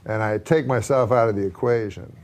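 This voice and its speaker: A man, a comedian, answering interview questions with dry, hesitant deadpan delivery. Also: fairly low pitch, a little fast. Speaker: comedian guest.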